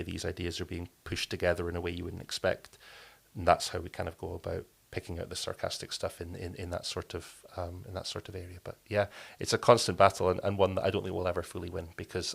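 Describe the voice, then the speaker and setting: A man talks through ideas as an interview guest. His voice sits low and carries a gravelly fry. He thinks aloud, restarting phrases and filling pauses as he goes. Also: fairly bright tone. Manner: thoughtful, many restarts and fillers. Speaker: podcast guest, company co-founder. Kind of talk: casual interview talk.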